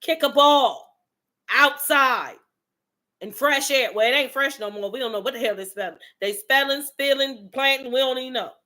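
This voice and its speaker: Brief: woman motivational speaker, fierce tough-love sermon delivery, sharp bright tone, slightly high. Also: normal speed. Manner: blunt, profane, preachy, calls out the listener directly. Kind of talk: fiery motivational monologue to viewers.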